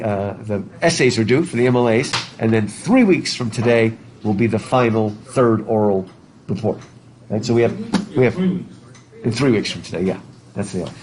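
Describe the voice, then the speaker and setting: A man's voice: mid-range voice, rough recording. A male literature teacher talking casually and ramblingly to his class, laughing easily. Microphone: masked, recording his own class.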